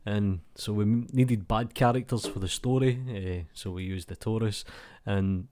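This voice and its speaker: A man's voice: on the low side, normal speed, dark tone. A young adult man with a Scottish accent, hosting his channel and reading viewer comments in a chatty, rambling, laid-back way, talking into a mic with no pop filter. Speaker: YouTube channel host. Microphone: desk mic without pop filter.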